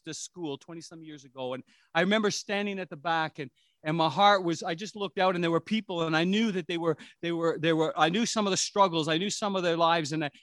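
Man, pastor, sermon, middle-aged, high voice, dry close sound, rambling and chatty. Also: a bit bright, no echo. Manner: conversational and rambling, with many restarts and asides.

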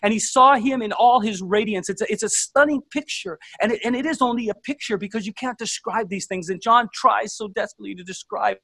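A man's voice: high-pitched, vocal fry, bright, forceful tone, no room sound. A man preaching a sermon earnestly, stumbling over restarts as he tells stories to his congregation. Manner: earnest, halting, many restarts.

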